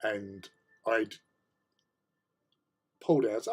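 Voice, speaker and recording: A man's voice: mid-range voice, lively intonation, moderate pace, a little mellow, breathy edge. A middle-aged British man hosting a hobby chat, telling a rambling story, laughing often and swearing casually. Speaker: hobby channel host.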